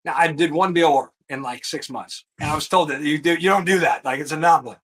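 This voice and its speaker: A man in his thirties telling his career story in a casual interview, slangy and animated, swearing now and then and saying "dude" and "like" a lot. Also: on the high side, quick pace. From US East Coast. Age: 30s. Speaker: insurance producer, guest.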